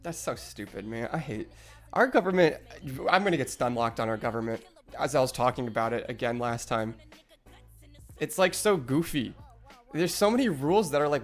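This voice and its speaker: A man's voice: mid-range voice, animated, moderate pace, soft background music. A young man streaming live, rambling in casual, profane chat with lots of restarts.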